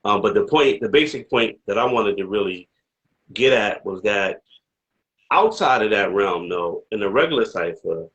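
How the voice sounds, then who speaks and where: Low-voiced man asking rambling questions. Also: lively intonation, moderate pace, fairly bright tone, rough recording. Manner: rambling, many "you know what I mean" asides, rising to emphatic questions. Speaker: interviewer. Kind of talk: casual discussion, asking questions.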